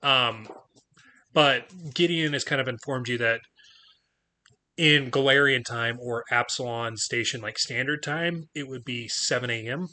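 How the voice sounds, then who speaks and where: A man's voice: mid-range voice, a little slow, bright, forceful tone. A man acting as game master, chatting loosely with lots of "like" fillers, then narrating the scene for his players. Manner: loose, filler-heavy talk with frequent laughs. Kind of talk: casual chat and game narration.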